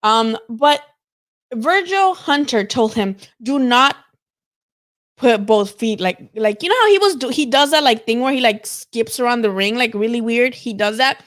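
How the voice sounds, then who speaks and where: A woman's voice: a little high, expressive, normal speed, a bit bright. A woman hosting a live boxing talk stream, chatting casually and animatedly, swearing freely and filling with "like" and "you know". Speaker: boxing show host.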